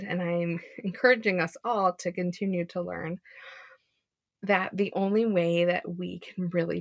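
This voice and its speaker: Young woman co-host, casual devotional talk, chatty filler-heavy delivery, gravelly edge, dry close sound. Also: lowish voice, no echo.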